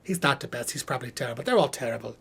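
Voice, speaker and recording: A man's voice: mid-range voice, very fast, gravelly, husky, exaggerated voice. A man voicing a theatrical, self-important male puppet professor hosting a live stream Q&A, rambling and breathless. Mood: chatty. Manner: animated, theatrical, rambling asides. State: out of breath, exhausted. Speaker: puppet host.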